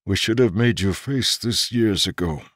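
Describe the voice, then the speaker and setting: A gentle, solemn servant who answers his young master softly and slowly, as a man plays him. His voice sits low and unhurried. The recording is dry and close. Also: dry recording. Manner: soft, slow and measured. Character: quiet, loyal older male servant, gentle and solemn.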